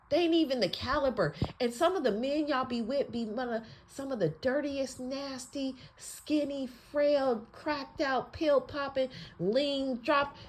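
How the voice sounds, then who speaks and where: A woman hosting her channel, delivering a blunt, profane, scolding rant that swings between loud outbursts and quiet asides. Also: on the high side. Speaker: channel host. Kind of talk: casual rant monologue.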